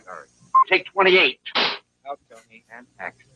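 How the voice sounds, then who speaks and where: A man's voice: a little high, sing-song, unhurried, lo-fi sound, noisy background. An actor playing an exasperated male director calling takes in an old TV commercial. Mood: fed up. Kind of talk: 1960s TV commercial.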